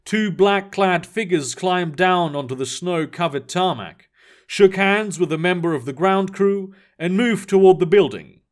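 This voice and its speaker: A man narrating a sci-fi story aloud in an expressive reading style. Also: high voice, unhurried.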